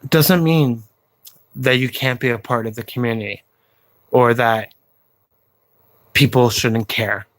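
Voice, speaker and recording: A man vlogging to his viewers, speaking slowly and earnestly with pauses and fillers, encouraging them to reach out to others. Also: medium pitch, steady tone, fairly bright tone, no echo. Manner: slow, halting delivery with pauses and fillers; encouraging, plain-spoken. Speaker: YouTube vlogger. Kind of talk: slow earnest personal appeal to viewers.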